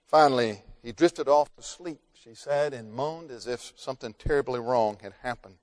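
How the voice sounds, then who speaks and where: A man preaching a sermon through a story, rising to loud emphasis and dropping to hushed tones, slowing down on key words. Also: medium pitch. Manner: dramatic, swings between loud emphasis and hushed near-whispers, slows for key words.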